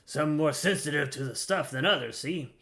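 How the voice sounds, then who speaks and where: A man voicing a chatty male ship peddler in a gruff, grizzled voice, reading game dialogue aloud. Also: a little high, moderate pace, bright, forceful tone. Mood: folksy. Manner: folksy and rambling, calls listener lad.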